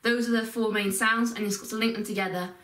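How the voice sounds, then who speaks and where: Woman teaching recitation, patient and careful, fairly high voice, set back from the mic in an echoey room. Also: steady tone, a bit bright, far from the mic. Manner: patient, careful explanations with drawn-out example sounds. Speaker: Quran teacher. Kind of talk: step-by-step recitation lesson.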